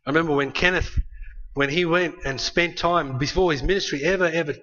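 A man preaching a sermon in a conversational, animated way, often ending points with a tag question. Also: on the high side, brisk, muffled recording.

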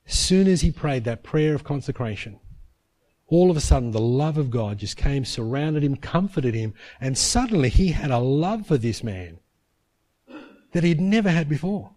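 A man preaching a sermon, telling a story emphatically and dropping to a hush for quoted prayers. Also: a little high.

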